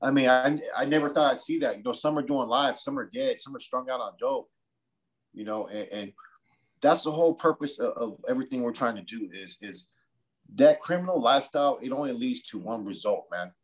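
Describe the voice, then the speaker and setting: Interviewer guy, mid-pitch, keeps it real, reflective, says man a lot. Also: a little fast, low-quality recording. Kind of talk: casual interview chat.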